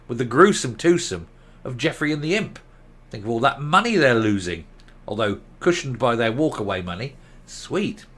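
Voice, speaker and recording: A man's voice: fairly high pitch, a bit bright. A man giving opinionated political commentary, reading news quotes aloud and rebutting them with blunt sarcasm.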